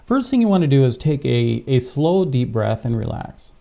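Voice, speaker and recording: A man's voice: medium pitch, very animated, normal speed, vocal fry, mellow. A man, a pastor, teaching a tapping technique step by step, wearing a clip-on microphone and often checking in with "okay?". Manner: patient, step-by-step, frequent "okay?" check-ins. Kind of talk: instructional demonstration.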